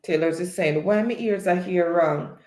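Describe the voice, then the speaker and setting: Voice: medium pitch, darkish tone, roomy sound. A quiz host running a live spelling game, chatting casually and reading viewers' comments aloud. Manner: unhurried, chatty, reads out comments.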